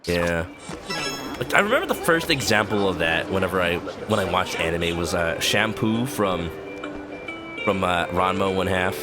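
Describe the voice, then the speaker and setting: Animated, joking male streamer. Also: deep voice, normal speed, music in the background. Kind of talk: casual gameplay commentary.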